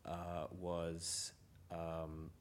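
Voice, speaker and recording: An Australian man, a comedian, chatting casually and telling stories in a relaxed way that trails off quietly. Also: sits low, drawn-out words, a little hiss or hum. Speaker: comedian, guest. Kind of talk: casual chat.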